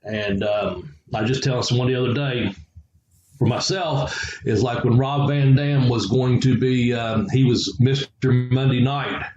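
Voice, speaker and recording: A man's voice: medium pitch, fairly even intonation, unhurried, a little mellow, echoey room, dull audio, slight background noise. A man, a former wrestler, telling stories in a rambling, chuckling way and acting out quoted voices. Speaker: podcast co-host, former wrestler. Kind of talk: casual storytelling chat.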